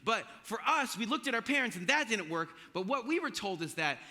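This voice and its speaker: A man's voice: high-pitched, big pitch swings, fairly quick, sharp tone. A man in his forties giving a casual, joking, storytelling talk as a chapel speaker. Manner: playful, self-joking, conversational. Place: university chapel. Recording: long hall reverb of a chapel.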